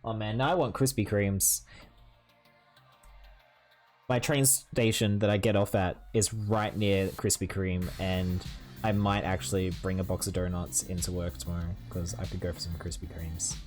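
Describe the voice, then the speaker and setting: A woman streaming live and chatting with her viewers while she builds, full of playful mock outrage and excitable asides. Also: very deep voice, normal speed, soft background music.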